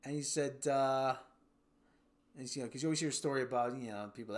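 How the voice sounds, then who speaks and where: A man's voice: mid-range voice, quick pace. An American man hosting a livestream, chatting casually and reading viewer comments, rambling with restarts and putting on silly voices. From United States. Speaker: livestream host.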